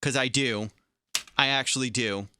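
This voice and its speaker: A man co-hosting a casual podcast chat, excitable and jokey. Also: medium pitch, normal speed, clear, resonant tone. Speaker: podcast co-host.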